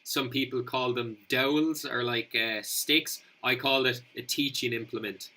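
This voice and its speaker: A man's voice: medium pitch, steady tone, measured pace, heavy background noise. A man hosting a casual podcast interview, agreeable and asking open questions. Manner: agreeable, laughs easily, asks open questions. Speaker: podcast host.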